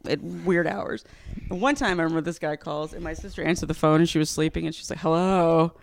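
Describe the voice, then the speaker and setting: A woman's voice: low-pitched, steady tone, fast talker, vocal fry, no echo, studio quality. A woman co-hosting a comedy podcast, chatting casually, teasing her co-host, laughing often and swearing freely. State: allergies.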